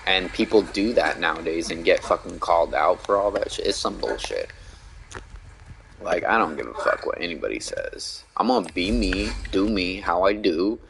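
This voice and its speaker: Man, very deep voice, blunt, swears constantly, casual gaming rant. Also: expressive, normal speed, gravelly, poor audio. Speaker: gaming streamer.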